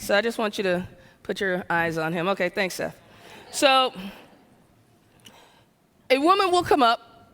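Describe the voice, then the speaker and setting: A woman from the American South gives a motivational keynote, talking energetically and firing questions at the audience. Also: on the high side. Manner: energetic, conversational, keeps asking the audience questions. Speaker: keynote speaker. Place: large event hall. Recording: long hall reverb.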